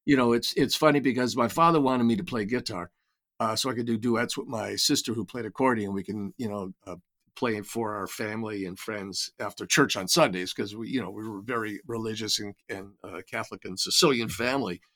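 Speaking briskly in a fairly low, slightly bright voice, an older writer and creator shares reflective stories as an interview guest. His casual delivery is full of restarts and repeated words.

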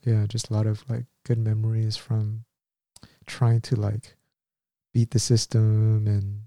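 Mellow man rambling through a story. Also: on the low side, monotone, slow, dry recording, clean studio sound. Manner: rambling, filler-heavy storytelling with impressions. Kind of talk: casual conversation.

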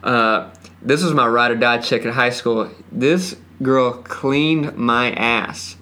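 Laid-back young co-host, crude stories. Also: male voice, medium pitch, takes it slowly, pushed and bright. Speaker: podcast co-host. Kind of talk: casual chat.

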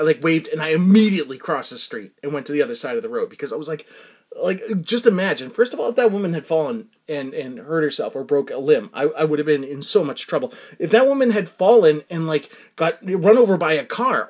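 Rambling, chatty man telling a story. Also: on the high side. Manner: rambling, self-interrupting, laughs often. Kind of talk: casual storytelling monologue.

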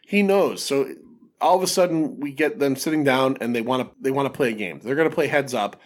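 A man's voice: medium pitch, brisk. A man hosting a casual film podcast, recapping scenes with lots of fillers and restarts. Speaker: podcast host.

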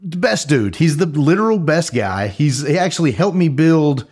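Man with a fairly high voice, relaxed. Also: normal speed. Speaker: podcast co-host. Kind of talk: casual podcast chat. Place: studio.

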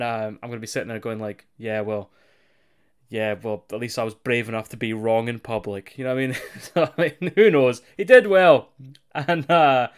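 Sweary, animated man. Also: medium pitch. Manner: sweary, animated, jokey, does mocking voices. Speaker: wrestling podcast co-host. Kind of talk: casual chat.

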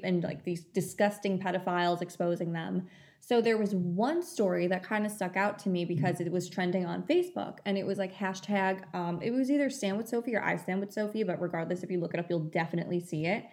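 A young woman tells a long story in casual chat, chatty and full of fillers. Her voice sits on the low side and sounds a little mellow.

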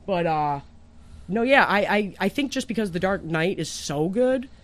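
A woman from the Detroit area, a podcast guest telling stories in casual chat, animated and quick to swear. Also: mid-range voice. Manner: fast, animated storyteller, swears freely.

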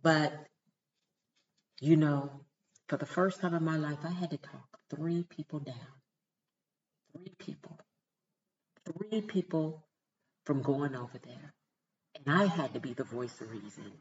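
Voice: mid-range voice, expressive, unhurried, pauses often, lo-fi sound, a little hiss or hum. A vlogger talking straight to viewers in an emphatic, preachy way, repeating points for stress. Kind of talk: emphatic motivational talk to camera.

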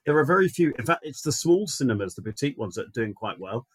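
A man's voice: mid-range voice, very animated, fast talker, breathy edge, no room sound. A man co-hosting a podcast, chatting casually with wry, teasing remarks. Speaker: podcast co-host. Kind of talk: casual chat.

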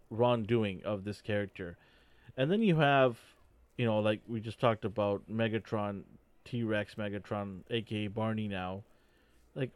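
A man's voice: on the low side, no echo. A man in a casual fan discussion, opinionated and rambling as he builds his points.

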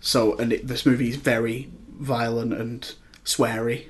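A young man hosting a podcast, chatting casually and telling an animated story with mimicked outbursts. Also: medium pitch, measured pace. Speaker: podcast host. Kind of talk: casual chat.

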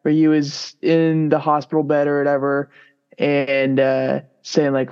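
A man co-hosting a sports podcast, talking in a relaxed, rambling way with lots of fillers. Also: mid-range voice, moderate pace, clean tone. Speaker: podcast co-host. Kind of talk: casual sports podcast chat. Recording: dull lo-fi sound.

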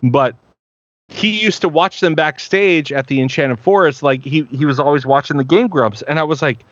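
A man's voice: fairly high pitch, lively intonation, normal speed, fairly bright tone, no room sound, lo-fi sound. A male voice actor chatting on a live stream, rambling and profane with many restarts. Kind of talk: casual live-stream chat.

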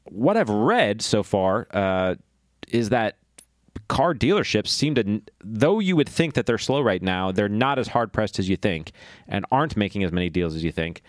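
A man's voice: on the low side, big pitch swings, normal speed, dry recording, clean studio sound. A man co-hosting a podcast, talking candidly and self-deprecatingly as he thinks aloud. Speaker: podcast co-host. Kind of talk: casual podcast chat.

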